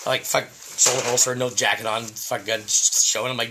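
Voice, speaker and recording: A man's voice: medium pitch, fairly quick, husky. A man in his thirties telling stories in a casual, profane podcast chat. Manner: profane, animated storyteller.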